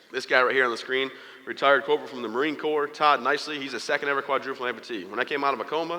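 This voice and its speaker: Before an audience in a large hall, a male motivational speaker with a bright, forceful, mid-range voice gives a brisk keynote. He tells his story humorously, voicing the other people in it in character, and the sound has a long hall reverb.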